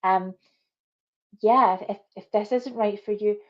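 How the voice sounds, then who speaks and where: A woman hosting a livestream discussion, speaking earnestly and deliberately to her guests and viewers over a video call. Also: medium pitch, fairly even intonation, dull audio. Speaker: host.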